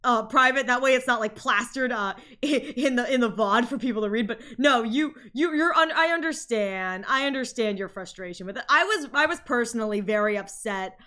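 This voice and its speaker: Woman streamer chatting to her viewers, high voice, rambles n restarts a lot. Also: a little fast, hardly any pauses, pushed and bright. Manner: rambling, many restarts and laughs. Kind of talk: casual chat with viewers.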